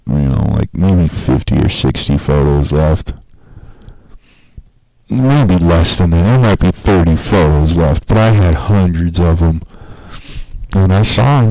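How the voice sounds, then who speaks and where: A low-voiced man talks through a long, profane story in a casual podcast chat. He laughs at his own tale and jumps up into a raised voice when he acts out what people said. The sound is dry and close, with little room around it. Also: darkish tone, dry recording, low-quality recording.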